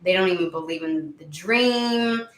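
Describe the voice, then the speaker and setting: A woman talking through a tarot reading in a loose, rambling way, circling around her words. Her voice is bright and clear-toned, set back from the mic in an echoey room. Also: lowish voice, a little slow, recorded from a distance. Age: under 70. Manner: rambling, searching for words, many "like"s. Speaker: tarot reader. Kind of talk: casual spoken tarot reading.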